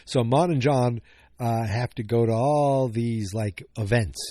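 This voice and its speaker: Mellow-voiced man rambling through a recap. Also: medium pitch, a little slow, no room sound, clean studio sound. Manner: rambling, self-correcting, jokey. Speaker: podcast host. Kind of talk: casual episode recap.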